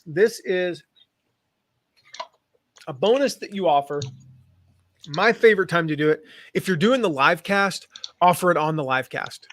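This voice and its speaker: This American man, who grew up in the Midwest and South, chats about affiliate marketing on a casual live stream, rambling with fillers and restarts in a General American accent. His voice sits high and a bit bright, measured and often pausing, with a little hiss or hum in the recording.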